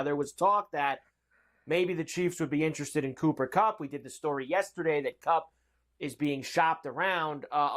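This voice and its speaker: A man's voice: on the high side, fairly bright tone. Upbeat male sports betting host. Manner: upbeat, reads odds and news, many uh fillers. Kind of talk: sports betting talk show.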